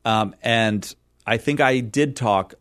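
A man's voice: mid-range voice, slow pace, fairly bright tone, no room sound, clean studio sound. A middle-aged man from California, a radio guest who talks in a rambling, self-deprecating way and laughs easily. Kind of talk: casual interview chat.

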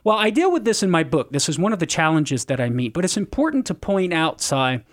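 Guy on catholic talk radio, slightly high voice, earnest and teacherly. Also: sing-song, fairly quick. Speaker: Catholic apologist radio guest. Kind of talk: radio call-in talk, explaining doctrine.

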